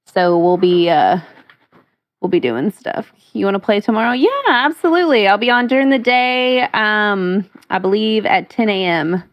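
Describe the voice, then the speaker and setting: A woman's voice: mid-range voice, normal speed, muffled recording. A woman co-hosting a stream, chatty and full of hesitant fillers. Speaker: podcast co-host. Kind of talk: casual stream chat.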